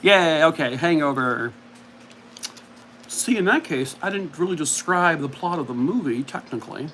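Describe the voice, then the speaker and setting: A man's voice: fairly high pitch, lively intonation, moderate pace, fairly bright tone, a little hiss or hum. A man hosting a live game stream, chatting playfully and mocking himself with frequent laughs. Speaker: streamer host. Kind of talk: casual live-stream chat.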